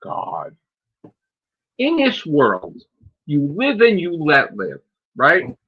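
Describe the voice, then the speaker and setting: A man's voice: fairly high pitch, huge pitch swings, very slow, husky, highs cut off. A man, ranting profanely and mocking on a casual stream chat as host. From United States. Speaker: channel host.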